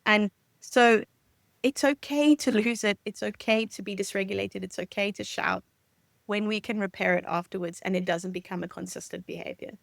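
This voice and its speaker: A woman's voice: medium pitch, moderate pace, creaky, no room sound. A woman speaking as a family counsellor guest on a podcast, explaining ideas in an earnest, conversational way. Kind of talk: conversational interview.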